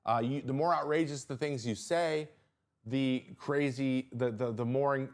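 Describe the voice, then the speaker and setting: A man casually hosting a live stream from a small studio. His talk is loose and full of fillers and restarts. When something surprises him, his voice jumps sharply up in pitch. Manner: animated, jumps high in pitch when reacting. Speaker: host.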